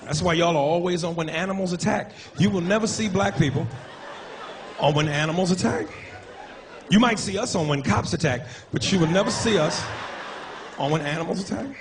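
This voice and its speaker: A man doing a crude, animated stand-up comedy set on a club stage with a handheld mic. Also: high voice, fairly quick. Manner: crude, animated, profane jokes. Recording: noisy live club recording. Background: audience laughter.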